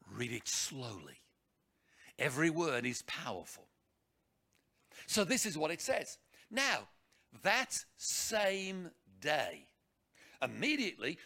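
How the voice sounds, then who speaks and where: A male preacher delivering a sermon in a high, lively voice that leaps around. His tone is bright and forceful with a gravelly edge, and he hammers points home with rhetorical questions and repetition.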